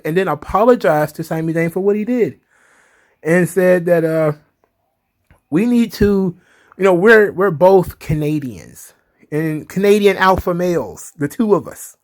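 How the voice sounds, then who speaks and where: Chatty man recapping wrestling. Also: a little high. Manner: chatty, laughs often, many fillers. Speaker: wrestling commentary host. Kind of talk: casual recap commentary.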